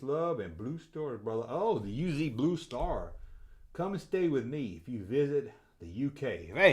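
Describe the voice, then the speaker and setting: A middle-aged man with a Southern accent chatting casually on a livestream, reading viewer comments in a rambling, jokey way and getting loudly excited. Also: medium pitch. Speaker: toy collector channel host.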